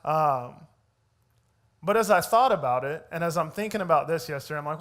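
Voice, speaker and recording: A young adult man teaches church leaders in a relaxed, conversational way, reading scripture and checking in with the room with "right?". His voice sits a little higher than most men's. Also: normal speed. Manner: conversational, storytelling, often adds "right?". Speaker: church media arts director teaching leaders.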